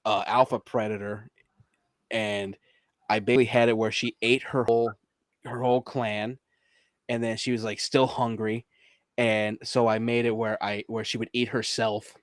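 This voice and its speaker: A man's voice: on the low side, level tone, normal speed, dry recording, clean studio sound. A man co-hosting a casual podcast, often laughing, restarting sentences and trailing off as he talks. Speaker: podcast co-host. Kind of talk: casual chat about video games.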